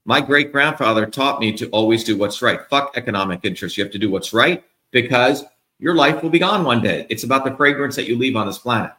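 Angry swearing guy on a campaign rant, bright forceful voice, roomy echo. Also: mid-range voice, animated, brisk. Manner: profane, combative, emphatic. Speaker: political candidate as guest. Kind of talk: heated interview rant.

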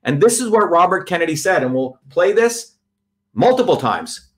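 In a fervent political speech before a live crowd, a man with a fairly high voice hammers his points home through repetition and lists. He sounds very animated but keeps a normal pace.

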